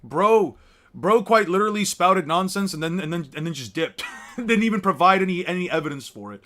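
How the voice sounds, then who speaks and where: High-voiced young man, heated rant. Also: animated, a little fast, a bit bright, a little hiss or hum. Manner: exasperated, profane, mocking. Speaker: YouTuber. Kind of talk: heated ranting commentary.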